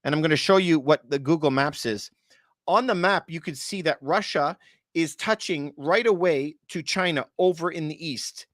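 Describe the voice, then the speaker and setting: Clean studio sound with no echo carries a man's high, fairly bright voice. He's a real estate and market commentator walking "you guys" through the economy in a casual, chatty monologue, leaning on rhetorical questions and letting out short laughs at absurd points.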